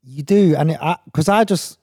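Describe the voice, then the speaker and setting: A man's voice: on the high side, moderate pace, mellow, no echo, clean studio sound. A man talking as a guest in a casual interview, reflective and earnest, often restarting his sentences. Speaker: guest actor and director.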